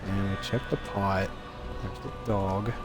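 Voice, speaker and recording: A man streaming a video game live, talking to his chat in an excitable way and swearing often. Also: sits low, slow, loud music behind the voice. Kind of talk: live-streamed gameplay commentary.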